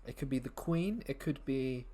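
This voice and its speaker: A man's voice: medium pitch, expressive, normal speed, dark tone. A man comedian writing a script live on stream, musing and thinking aloud with his viewers, often trailing off mid-thought.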